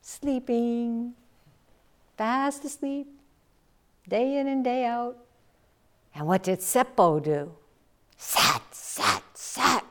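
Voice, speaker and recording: A woman Zen teacher giving a dharma talk, telling a story slowly and reflectively and acting out the quotes. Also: on the high side, a little mellow.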